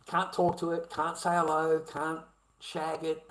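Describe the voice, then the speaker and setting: A man's voice: a little high, completely flat delivery, a little slow, a bit bright, low-quality recording. An Australian man talking to camera in a rambling, repetitive monologue, swearing heavily. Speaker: vlogger.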